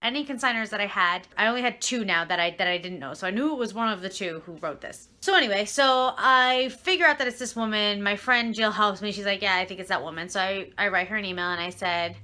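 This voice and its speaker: Young woman vlogger, bright tone, chatty and rambling, phone-recorded. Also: mid-range voice, quick pace, few pauses. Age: young adult. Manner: rambling, chatty, fed-up asides. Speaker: vlogger and reseller. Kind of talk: casual storytelling vlog.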